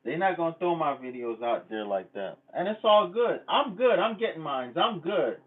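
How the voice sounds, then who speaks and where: A man rants to his viewers in a raised, high-pitched voice, blunt and swearing freely. He drives his points home by repeating them. The sound is narrow and tinny, like a phone line. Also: big pitch swings, normal speed. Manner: blunt, profane, repetitive. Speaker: channel host. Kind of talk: casual vlog rant.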